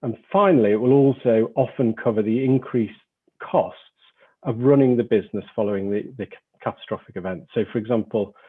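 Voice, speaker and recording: Northern English man, husky, tinny call audio. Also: medium pitch. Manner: measured, explanatory. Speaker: insurance lawyer. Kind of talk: webinar presentation.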